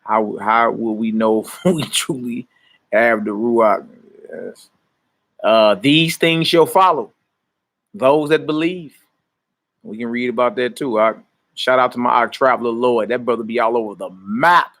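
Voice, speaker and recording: A man's voice: medium pitch, normal speed. Laid-back man preaching in street slang. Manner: relaxed street slang, addresses viewers by name. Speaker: minister teaching scripture. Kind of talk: casual livestream sermon.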